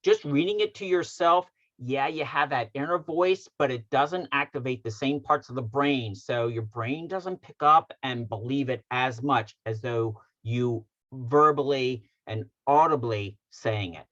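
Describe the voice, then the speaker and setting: Mid-pitched male co-host, upbeat and affirming, muffled video-call sound. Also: a little slow, hardly any pauses, fairly bright tone. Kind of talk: wellness webinar talk.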